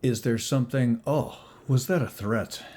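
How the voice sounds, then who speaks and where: A man's voice: mid-range voice, a little slow, mellow. A man narrating and voicing characters as game master, with a dry, sardonic delivery.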